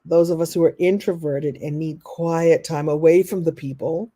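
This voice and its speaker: A woman leading a live online masterclass as a motivational coach, animated, acting out what people say and answering viewer comments. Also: sits low, normal speed. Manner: animated, acts out quoted voices.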